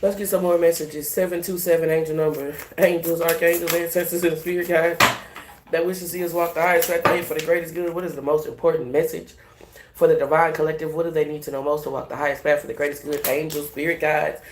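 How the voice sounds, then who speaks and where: Woman tarot reader, profane and emphatic, low-set voice, echoey room with faint hiss. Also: fast. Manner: profane, animated, laughing, emphatic. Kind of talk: casual spiritual reading.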